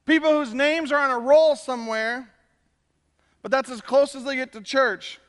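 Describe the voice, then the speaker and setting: High-voiced pastor preaching in a hall. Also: male voice. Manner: conversational, animated preaching with quick asides. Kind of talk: sermon. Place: church sanctuary.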